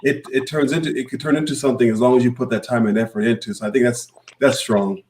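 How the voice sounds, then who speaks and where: A man's voice: mid-range voice, steady tone, quick pace, darkish tone. A man co-hosting a podcast, chatting casually and affirming what his guest says. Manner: agreeable, affirming. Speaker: podcast host.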